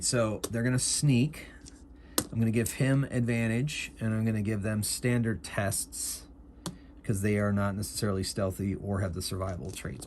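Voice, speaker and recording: Low-voiced man running a solo game. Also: noisy background. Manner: casual, thinking aloud, explaining rules. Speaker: game master and solo player. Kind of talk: narrating a solo tabletop game.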